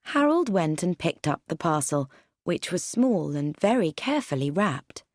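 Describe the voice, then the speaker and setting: A woman narrating an audiobook with expressive, varied storytelling. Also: fairly low pitch, normal speed, no echo, clean studio sound.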